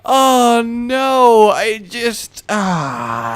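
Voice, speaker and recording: A man giving let's play commentary, exasperated and given to sudden shouts and fits of laughter. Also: on the high side, expressive, takes it slowly, clean tone, no echo, soft background music. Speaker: gaming commentator.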